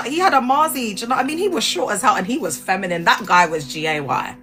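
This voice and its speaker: A woman chatting casually to viewers on a livestream, animated and laughing, her voice jumping up high when she gets excited. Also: quick pace, hardly any pauses, soft background music. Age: adult with grown children. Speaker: livestream host. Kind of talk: casual chat.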